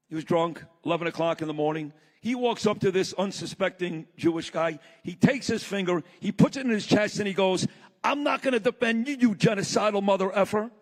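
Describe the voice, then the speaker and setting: Impassioned man in a big hall. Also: high voice. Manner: blunt, impassioned, storytelling. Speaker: summit speaker. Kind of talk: fiery speech to a live audience. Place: large hall. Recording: long reverb of a large hall.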